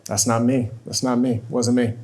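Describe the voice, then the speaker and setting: A man's voice: mid-range voice, flat delivery, moderate pace, a little mellow, a little hiss or hum. A man on stage telling a painful personal story, emotional and confessional, acting out the dialogue he quotes. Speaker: speaker. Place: stage at a live talk event.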